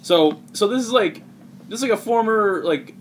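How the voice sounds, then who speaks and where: A man's voice: sits high, lively intonation, moderate pace, a little hiss or hum. A man casually recapping a comic for friends, rambling with lots of filler words. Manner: rambling, heavy use of "like", laughs often. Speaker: podcast host recapping a comic. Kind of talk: casual chat.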